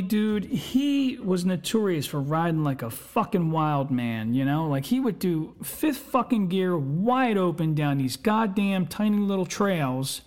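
Podcast host rambling thru a story, swears nonstop, lots of uh and you know, middle pitch. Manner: heavy swearing, rambling with fillers. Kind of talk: casual storytelling.

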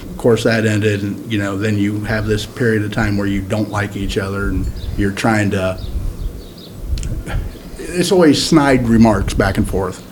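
A man's voice: lowish voice, unhurried, a little hiss or hum. A man co-hosting a podcast, telling crude stories in a casual chat and laughing at his own jokes. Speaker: podcast co-host.

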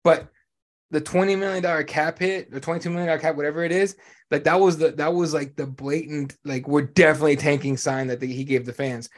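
A male podcast host ranting about sports in loose, casual chat. He talks bluntly and swears freely, with a voice sitting a little higher than most men's. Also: fast talker. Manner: blunt, profane, animated ranting.

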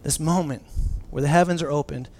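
A man in his thirties preaching a sermon, telling stories with lively restarts. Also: on the high side, a little fast, slight background noise. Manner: animated storytelling with many restarts. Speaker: pastor.

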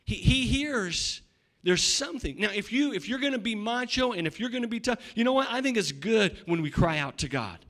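A middle-aged male pastor preaching a sermon, swinging between loud shouting and quiet asides, often repeating words and restarting. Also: high voice, animated, fairly quick.

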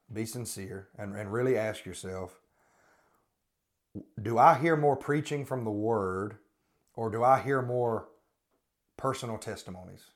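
Man, podcast host, critical religious commentary, repeats questions, frequent restarts, mid-pitched.

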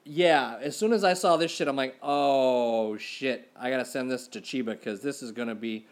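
A man's voice: medium pitch, normal speed. A man co-hosting a casual chat podcast, joking and swearing freely and often repeating words as he starts a thought. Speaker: podcast co-host.

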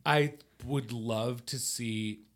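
A man co-hosting a podcast, chatting about a TV episode in an animated, joking way, with casual swearing. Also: mid-range voice, drawn-out words. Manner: animated, joking, swears, puts on silly accents. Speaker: podcast co-host. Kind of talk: casual chat recapping a TV episode.

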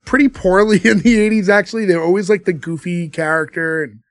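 A man's voice: high voice, steady tone, quick pace, no echo, clean studio sound. A man co-hosting a casual movie podcast, retelling scenes and laughing often. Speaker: podcast co-host. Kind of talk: casual movie-review chat.

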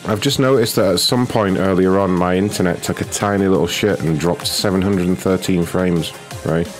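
A very low-pitched man hosts a prank call stream, trading rude deadpan insults with callers. Faint music plays under his voice. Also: normal speed. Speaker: prank call show host. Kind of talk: prank call livestream chat.

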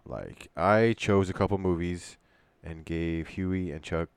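A man with a low voice co-hosting a casual podcast, relaxed and a bit halting. He is recorded close and dry, with no room sound. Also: smooth, no echo. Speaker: podcast co-host who picks the topic. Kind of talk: casual chat.

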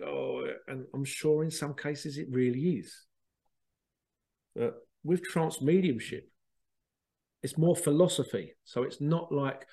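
A man, a spiritual medium hosting a show, telling stories in a chatty, animated way with laughter and the odd swear. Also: mid-range voice, moderate pace. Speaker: spiritual medium and podcast host. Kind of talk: casual storytelling.

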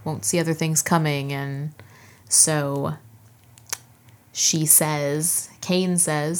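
A woman's voice: low voice, little pitch movement, extremely slow, pauses often. A woman co-hosting a casual TV recap chat, laughing often and acting out characters' lines. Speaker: podcast co-host.

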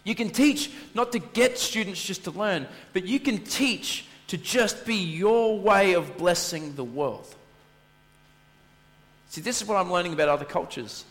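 A man preaching a sermon as a pastor, telling stories in an animated way and acting out his own lines. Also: high-pitched, unhurried, long reverb tail.

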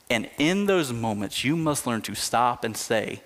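Male pastor, mid-range voice, earnest sermon delivery with slowed emphatic phrases, reverberant hall sound. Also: medium pitch, expressive, fairly bright tone. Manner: earnest preaching, slows down and rises for emphasis.

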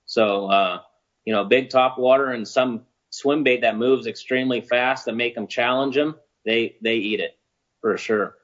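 Relaxed man chatting, muffled sound. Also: medium pitch. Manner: relaxed, halting, with fillers. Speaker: guest angler. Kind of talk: casual chat.

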